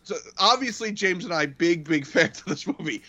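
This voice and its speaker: Guy co-hosting a movie podcast, kinda high voice, rambly and full of "like"s, dull lo-fi sound. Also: expressive, moderate pace, pushed and bright. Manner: rambling, filler-heavy retelling of scenes. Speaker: podcast co-host. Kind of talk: casual movie-discussion chat. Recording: dull lo-fi audio.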